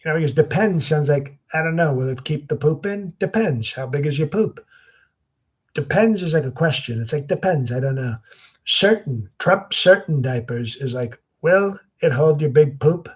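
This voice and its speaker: A man's voice: fairly high pitch, lively intonation, moderate pace, husky. A man doing a comedic impression of a boastful, crude older male president who rambles and drags out his phrases.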